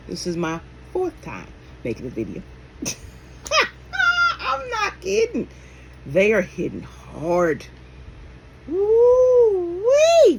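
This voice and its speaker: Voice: medium pitch, slightly rough, rough recording. A spiritual minister and healer giving a casual talk to camera, emphatic and blunt, swearing freely and firing off rhetorical questions while calling the listeners baby and my love. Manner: calls the audience endearments like baby and my love.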